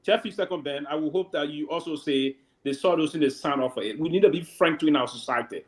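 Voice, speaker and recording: A man with a slightly high voice rattles off his words at speed on a studio debate panel. He presses insistently to be heard over the others. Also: fast, echoey room. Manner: pushy, interrupts to get a word in.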